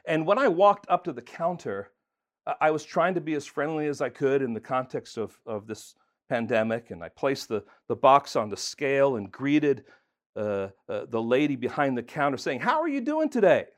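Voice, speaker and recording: A man's voice: medium pitch, moderate pace. A man preaching a sermon as pastor, earnest and emphatic, talking conversationally with fillers and restarts.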